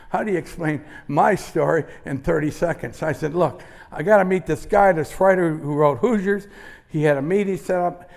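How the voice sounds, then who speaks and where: An older man from Indiana giving a motivational keynote, telling a story in punchy bursts that drop to hushed asides and jump to loud outbursts. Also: fairly high pitch, vocal fry. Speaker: motivational speaker. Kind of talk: keynote speech. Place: conference stage before a live audience.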